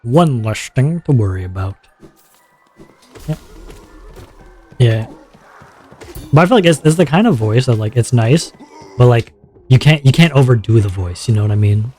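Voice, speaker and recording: A man streaming a game, rambling in a relaxed, self-conscious way with a slightly sore throat. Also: mid-range voice, moderate pace, pauses often, soft background music. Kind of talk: casual gameplay chat.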